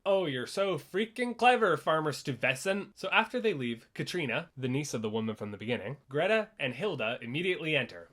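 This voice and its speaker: A young man reviews a play in a sarcastic, chatty vlog. His voice is fairly high and very lively, bouncing up and down as he jokes. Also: a little fast, few pauses. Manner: sarcastic, animated commentary. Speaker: theater reviewer.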